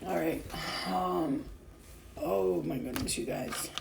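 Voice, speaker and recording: A young woman who vlogs about spirituality speaks to her viewers in a rambling, heartfelt way, full of fillers and restarts and tearful at times. Her voice is fairly low and slow with vocal fry, and the recording is very noisy.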